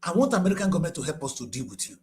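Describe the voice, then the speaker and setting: A man's voice: big pitch swings, racing. Impassioned Nigerian man in his sixties. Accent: Nigerian English. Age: 60s. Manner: impassioned, swings from low and grave to shouting. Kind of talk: impassioned political commentary.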